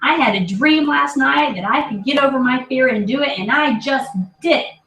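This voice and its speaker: A woman voicing her excited little daughter, breathless and beaming with pride, recorded from a distance in an echoey room. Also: high-pitched, moderate pace, pitched above the performer's own voice. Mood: proud, excited. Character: excited little girl proud of herself.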